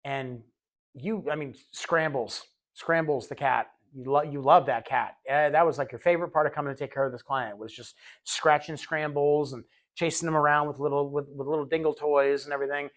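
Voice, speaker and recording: A man with a slightly high voice leads a recorded training lesson for healthcare aides. His delivery is casual and conversational, full of repeated words as he restarts sentences. He keeps slipping into short acted-out scenes to show what he means. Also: steady tone, brisk. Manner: conversational, acts out little scenes in quoted voices.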